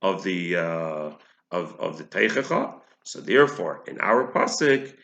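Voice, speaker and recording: A man teaches a religious text in a bright, pressing voice, working through each point slowly and restating it. His words ring around an echoey room. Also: low voice, very animated, vocal fry. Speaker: Torah teacher. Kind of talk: explaining a text to listeners.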